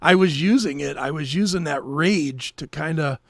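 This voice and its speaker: A man co-hosting a podcast, telling a story in casual chat, animated and swearing freely. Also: a little high, moderate pace, gravelly, no echo, clean studio sound. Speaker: podcast co-host.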